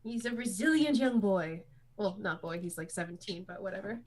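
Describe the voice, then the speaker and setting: A woman's voice: medium pitch, normal speed, crowd noise. A woman playing a tabletop game, chatting casually and giggling as she picks skills. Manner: giggly, upbeat. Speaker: player.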